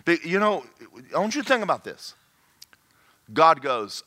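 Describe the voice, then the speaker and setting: A male pastor, preaching a sermon in an animated way that swings from loud to hushed. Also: a little high, moderate pace.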